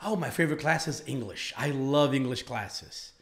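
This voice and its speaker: A man's voice: medium pitch, lively intonation, normal speed, gravelly. Man playing a polite young Brazilian student. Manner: polite, earnest answers.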